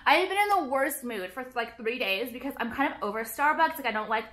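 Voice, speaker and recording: Talking casually to her camera at home, a beauty vlogger launches into rapid, dramatic rants full of cursing and endless "like." Her voice sits high, with lively intonation and a bit of brightness.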